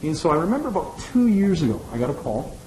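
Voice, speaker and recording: A man in his forties giving a lively marketing lecture to a class, often checking in with "right?" and acting out the dialogue he quotes. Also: fairly high pitch, fast. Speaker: marketing professor. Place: lecture hall. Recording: echoey room, faint noise.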